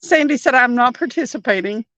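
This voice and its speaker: A woman's voice: fairly high pitch, lively intonation, fairly quick, a bit bright, no echo. A woman hosting a fishing livestream from a boat, chatting casually, giggling often and reading viewer comments aloud. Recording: dull muffled audio.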